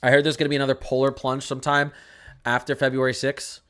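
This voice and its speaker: A man's voice: medium pitch, monotone, fast, a bit bright, clear, resonant tone. A young man hosting a casual weather stream, answering viewer questions and rambling through model charts, often repeating himself. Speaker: weather channel host. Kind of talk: casual livestream weather talk.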